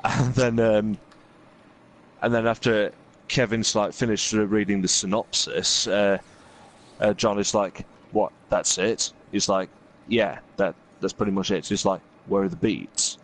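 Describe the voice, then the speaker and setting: Male gaming host, somewhat low voice, loose rambling anecdote delivery. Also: steady tone, unhurried, a little hiss or hum. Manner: rambling, full of fillers and "he's like" asides. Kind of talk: casual storytelling while playing a game.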